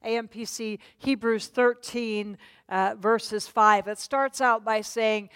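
A woman teaching scripture to a congregation in an easy, conversational manner. Her voice sits a little higher than most, and she asks listeners to join in and read. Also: steady tone, slow, fairly bright tone, clear, resonant tone. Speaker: Bible teacher. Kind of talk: church Bible teaching. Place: church meeting.

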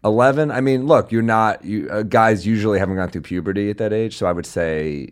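A man chatting casually on a podcast and telling rambling comic anecdotes, acting out other people in quick bursts. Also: lowish voice. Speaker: comedian telling stories.

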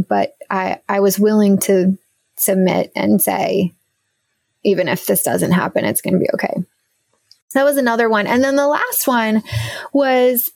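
A young woman talks through personal prayer stories in an earnest, reflective way, breaking into soft laughs. Her voice sits in a middle range and is recorded close and dry, with no room sound. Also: mid-range voice, gravelly, dry recording. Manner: earnest and reflective, laughs softly, gets teary. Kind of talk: candid personal faith conversation.

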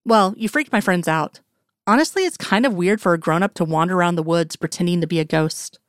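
Woman reading blunt teen girl, deadpan, flat, unimpressed, dry close sound. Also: fairly low pitch, fairly quick, no echo, lightly acted. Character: unimpressed teenage girl, about fifteen, blunt.

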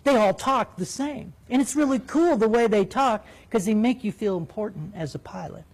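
A man, a former military jet pilot, telling a flying story in an animated way, acting out radio calls. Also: sits high, normal speed. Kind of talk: spoken storytelling.

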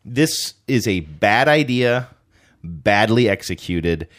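A man's voice: lowish voice, expressive, slow, fairly bright tone. A man co-hosting a podcast, chatting casually in a rambling, joking way and saying he feels sluggish. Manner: rambling, joking, self-deprecating. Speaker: podcast co-host. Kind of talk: casual chat.

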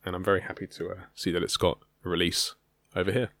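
A man's voice: deep voice, flat delivery, quick pace, vocal fry, a bit bright, no echo. A man co-hosting a podcast, talking casually in a rambling way with fillers and frequent laughs. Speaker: podcast co-host. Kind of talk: casual chat.

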